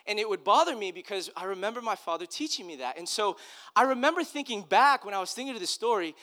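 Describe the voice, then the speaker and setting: Bright-voiced man preaching conversationally. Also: sits high, lively intonation, fast talker. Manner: personal, earnest, loose with restarts. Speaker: pastor. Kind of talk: conversational sermon storytelling.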